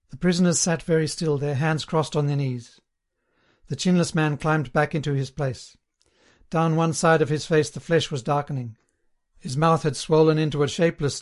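A man narrating an audiobook in a steady, measured way. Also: a little high.

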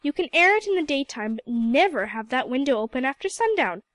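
A woman's voice: high-pitched, sing-song, brisk, no room sound. A woman voicing a strict, fussy old aunt who scolds and gives orders in a storybook reading. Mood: scolding. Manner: scolding, sharp, commanding.

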